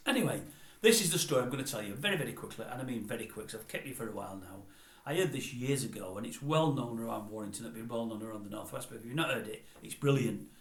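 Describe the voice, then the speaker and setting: Older man, chatty rambling storyteller, mid pitch, roomy echo. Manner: conversational, digressive, chatty. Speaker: vlogger.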